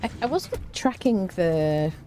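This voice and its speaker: A woman's voice: on the low side, sing-song, slow, warm tone, slight background noise. A woman giving casual, wry commentary while playing a game and chatting to her cat. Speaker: gaming streamer.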